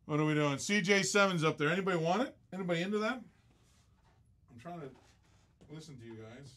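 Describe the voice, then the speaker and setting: A man's voice: fairly high pitch, a bit bright. Chatty man hosting a live auction. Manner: chatty, laughs often, teasing the bidders. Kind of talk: casual live-stream auction chat.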